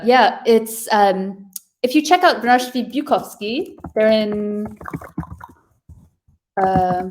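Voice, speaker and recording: A woman from New York hosting a virtual wine tasting over a video call, chatting casually and describing wines with enthusiasm. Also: medium pitch.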